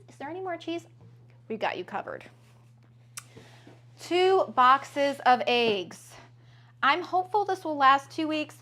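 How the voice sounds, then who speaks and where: Her voice is high-pitched and a bit bright as this mom, who runs a family vlog, walks through her groceries at home. The talk is chatty and cheerful, peppered with lots of "um"s and other fillers.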